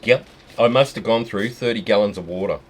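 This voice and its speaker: A man's voice: lowish voice, fairly quick, slightly rough. A man, hosting a fluid art video and trading jokes and teasing banter with a friend while painting. He is hot and tired, and laughs often. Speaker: fluid art channel host.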